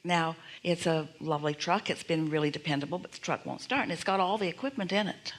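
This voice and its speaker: A woman's voice: fairly low pitch, quick pace. A woman teaching a live seminar audience, speaking as "we", with emphatic repeated affirmations and frequent rhetorical questions.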